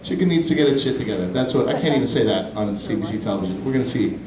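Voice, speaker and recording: Animated stand-up comic man in a roomy club. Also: very fast, crowd noise. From Pakistani family, grew up in Canada. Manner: animated, jumps into high-pitched voices for bits. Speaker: stand-up comedian. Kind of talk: stand-up comedy set. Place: small comedy club stage. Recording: roomy club from a distant mic.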